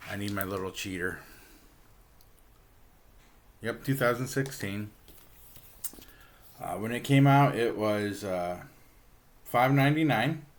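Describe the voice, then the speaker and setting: Easygoing and a bit halting, a channel host with a somewhat low voice reviews a comic book in a relaxed way. He narrates the plot, sprinkling in ums and uhs and chuckling from time to time.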